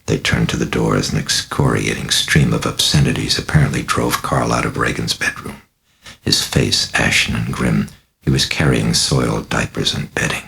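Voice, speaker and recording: A man narrating his own novel as an audiobook in a measured, grave, dramatic reading. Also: extremely low pitch, creaky, fairly bright tone.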